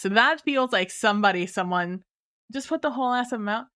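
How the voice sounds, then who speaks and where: Chatting casually with her viewers from a home computer, this woman livestreamer reads their messages aloud, laughing a lot and apologizing as she stumbles through fillers and restarts. Her voice sits on the high side, sharp in tone and animated, at a normal pace.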